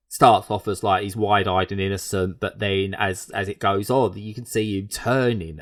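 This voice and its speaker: A man's voice: lowish voice, fairly bright tone. A man, co-hosting a podcast in casual, enthusiastic chat with many restarts. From England. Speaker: podcast co-host.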